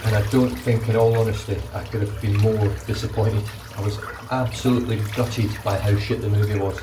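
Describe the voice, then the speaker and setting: A lower-voiced man talks about his reading in a loose, rambling way and swears casually as he goes. He sounds a little distant from the mic, and the hard bathroom walls give him a hollow echo. Running tap water is clearly heard behind him. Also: little pitch movement, brisk, noisy background. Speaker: vlogger. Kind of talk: casual chat.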